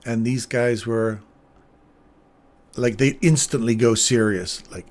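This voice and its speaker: A man's voice: mid-range voice, fairly even intonation, slow pace, pauses often, darkish tone. A man hosting a livestream, casually telling rambling anecdotes with chuckles and plenty of fillers. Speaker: trading livestream host.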